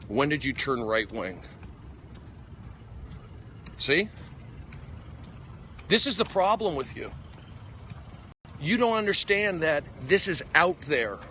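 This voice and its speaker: Excitable comedian ranting on a walk. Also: male voice, a little high, slight background noise. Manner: excitable, emphatic, jumping between topics. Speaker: stand-up comedian. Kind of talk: rambling livestream monologue. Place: outdoors on a walk. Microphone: phone.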